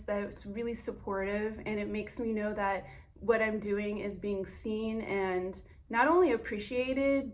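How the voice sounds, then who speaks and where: Young woman, wellness vlogger, earnest, gentle, heartfelt, casual talk to camera. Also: mid-range voice. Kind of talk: casual guided breathing talk.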